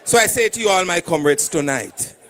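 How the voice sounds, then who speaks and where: A Jamaican man, a doctor and political candidate, shouting a fiery rally speech to a crowd of supporters. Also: high voice, animated, brisk.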